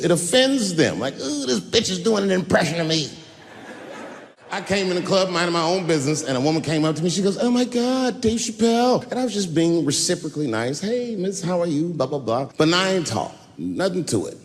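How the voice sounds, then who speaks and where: Animated stand-up comedian man, fairly high voice. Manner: lively, animated delivery with voices for other characters. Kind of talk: stand-up storytelling. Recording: reverberant hall, faint hiss.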